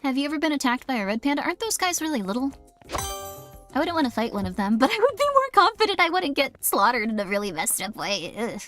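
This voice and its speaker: Her voice is high, sing-song, quick and a bit bright as she plays a game on stream and reads her chat. She rambles, pokes fun at herself and breaks into quoted voices, over faint background music.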